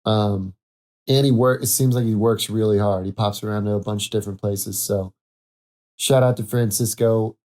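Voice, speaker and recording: Rambling male podcast host, mellow voice. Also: lowish voice, steady tone, moderate pace. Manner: rambling, self-correcting, laughs at own jokes. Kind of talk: casual solo podcast monologue.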